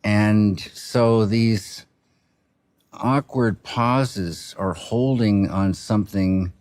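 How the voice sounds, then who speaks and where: Brief: man teaching a filmmaking class, slow halting musing delivery, low voice, dry close mic. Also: a little mellow, no echo. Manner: halting, musing, many pauses and restarts. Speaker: film director teaching a class. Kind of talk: reflective instructional talk.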